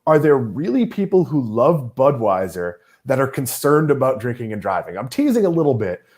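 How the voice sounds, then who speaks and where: A man's voice: mid-range voice, sing-song, normal speed, darkish tone. A middle-aged man from Massachusetts hosting a casual chat, wry and teasing as he talks. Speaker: host.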